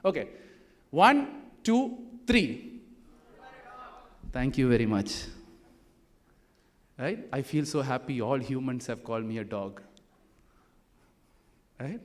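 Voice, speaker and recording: A man's voice: mid-range voice, lively intonation, slow pace, long pauses. A man with an Indian English accent giving a motivational talk, prodding a live audience with blunt, repeated questions. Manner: direct, provocative, quizzes the audience with repeated questions. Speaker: motivational speaker.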